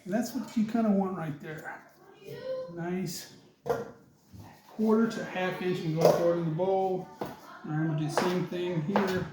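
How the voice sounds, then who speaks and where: This man's voice sits high and holds a steady tone at normal speed, broken by frequent pauses, and the clip is very noisy. He's a cooking instructor running a casual demo in his kitchen, chatting while he chops and preps and calling viewers "folks," all amid echo and loud clatter.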